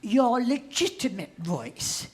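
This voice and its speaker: A woman's voice: fairly high pitch, very animated, slow. A woman putting on a fussy male French choir director in an emphatic, theatrical voice during a comic stage story. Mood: insistent.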